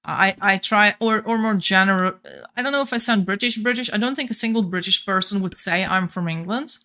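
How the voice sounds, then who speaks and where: A woman's voice: mid-range voice, a little fast, pushed and bright. A young woman with a light Flemish accent, chatting casually and thinking aloud while playing a game on stream, often restarting her sentences.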